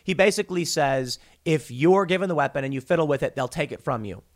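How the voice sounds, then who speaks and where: A man delivers opinionated solo commentary. His voice sits a little high and swings widely. He restarts sentences often and breaks into mocking put-on quotes. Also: animated, quick pace. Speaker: political commentary host.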